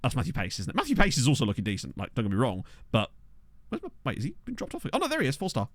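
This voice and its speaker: A man talks through his football management game on stream, reacting aloud to each surprise and chatting to his viewers. His pitch swings widely and animatedly. The sound is dry and close, with no room echo. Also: very fast. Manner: excitable, chatty, reacts aloud and addresses chat. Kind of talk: casual gameplay commentary. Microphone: desk microphone.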